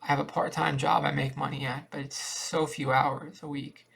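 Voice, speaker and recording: A man's voice: fairly high pitch, flat delivery, moderate pace, vocal fry, fairly bright tone, slightly rough. A man rambling in a downbeat, repetitive confessional monologue to a cheap webcam at home. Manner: downbeat, repetitive, thinking aloud. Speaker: vlogger.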